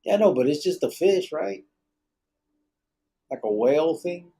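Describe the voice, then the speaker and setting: A man's voice: fairly high pitch, expressive, a little slow, gravelly, mellow, breathy edge. A man hosting a podcast in casual, joking chat. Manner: joking, laughs often. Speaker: podcast host.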